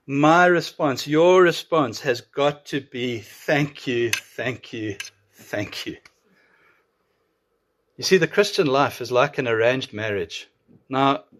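A man preaching a sermon, earnest and emphatic, slowing to draw out key words. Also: mid-range voice, fairly bright tone. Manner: earnest, with emphatic drawn-out pauses. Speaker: pastor.

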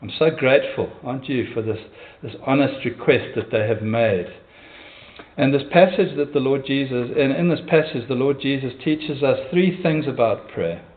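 A man's voice: mid-range voice, normal speed, phone-quality sound. A man preaching a sermon in a church as pastor, in an earnest, conversational manner with hesitations.

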